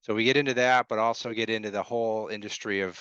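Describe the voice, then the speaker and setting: Man, casual podcast host, smooth low voice, dry slightly muffled mic. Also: fairly even intonation, fast talker, a bit bright, dry recording. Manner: loose, hesitant, many fillers and restarts, laughs easily. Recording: dry, slightly dull sound.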